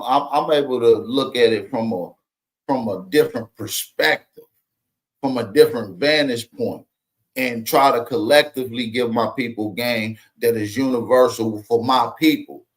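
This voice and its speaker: A man hosting his channel in casual livestream talk, loose and rambling with slang. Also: medium pitch. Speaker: channel host.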